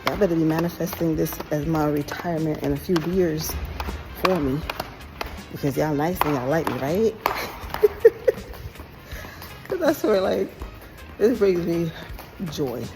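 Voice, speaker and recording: A woman from Jamaica vlogging casually on a beach at sunrise, talking fast and chatty with laughs, recorded on a phone at arm's length. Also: sits low, over music, rough recording. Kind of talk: casual walking vlog.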